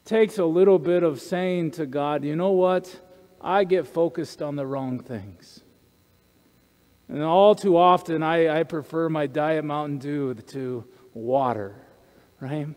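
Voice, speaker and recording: Man pastor, high voice, conversational sermon, long church reverb. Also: slow pace, darkish tone. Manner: conversational preaching, frequent "right?" asides. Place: church sanctuary.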